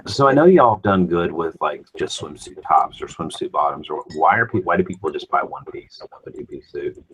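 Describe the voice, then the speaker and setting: A man's voice: very deep voice, expressive, fairly quick, fairly bright tone, slight background noise, low-quality recording. A man hosting a casual morning chat show, asking rambling questions full of restarts.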